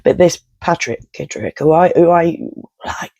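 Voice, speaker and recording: Gravelly, heated ranter. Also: mid-range voice, unhurried, mellow, no echo, lo-fi sound. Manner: heated, swearing, blunt. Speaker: vlogger. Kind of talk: angry ranting monologue to camera.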